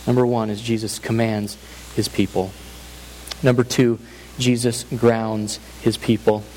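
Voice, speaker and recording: A man's voice: fairly low pitch, level tone, a little slow, a little mellow, low-quality recording. A man preaching a sermon as pastor, earnest and emphatic, building points through repeated phrases. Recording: faint hiss.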